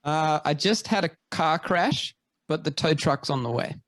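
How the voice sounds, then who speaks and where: An Australian man hosts a podcast chat, friendly and a bit halting, often stopping on "um" and "uh". His voice sits somewhat above the usual male pitch. The room sounds dry, with no echo. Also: fairly bright tone. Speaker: podcast host. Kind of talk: casual interview chat.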